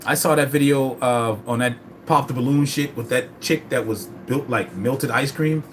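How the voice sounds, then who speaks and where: A man's voice: mid-range voice, normal speed, slight background noise. A man vlogging about his fitness journey in a casual, rambling, profane way. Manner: rambling, profane, animated storytelling. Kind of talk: casual chat.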